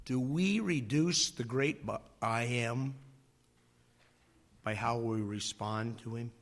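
A man preaching a sermon, slow and dramatic, dropping to a near whisper on key phrases and acting out voices in his stories. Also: medium pitch. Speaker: pastor.

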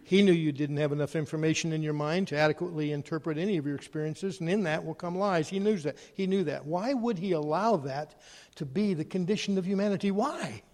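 A man preaching a sermon, animated, swinging between loud emphasis and quiet, hushed asides. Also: fairly high pitch, fast talker. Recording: long hall reverb.

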